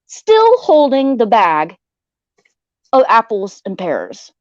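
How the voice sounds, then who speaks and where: A woman's voice: fairly high pitch, wildly swooping pitch, slow, no room sound, muffled recording. A woman hosting a casual chat, telling a long dream story in a rambling, profane way, acting out what others said. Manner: rambling, profane, restarts often, acts out quotes. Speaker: host.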